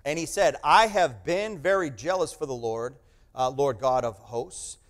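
A middle-aged man preaching a sermon, reading scripture aloud and explaining it, sometimes proclaiming loudly and sometimes dropping to a hush. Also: mid-range voice, lively intonation, measured pace.

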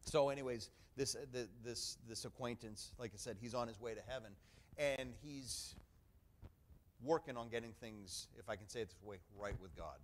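A middle-aged male pastor delivers a sermon in an emphatic, conversational preaching style. His voice sits at an ordinary pitch for a man. He punctuates his points with calls of "amen" and repeated phrases. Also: moderate pace.

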